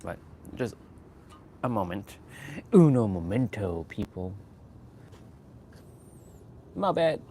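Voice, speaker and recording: A man talking into a phone on a gimbal while he walks outside, his pitch swinging up and down as he chats. He laughs easily and speaks loosely to his viewers. Faint street noise stays underneath. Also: big pitch swings, slow pace, long pauses, dark tone. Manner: chatty, laughs often, talks to viewers and passing sights. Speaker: motivational live streamer. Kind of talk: casual live-stream talk while walking outdoors. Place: outdoors on a street.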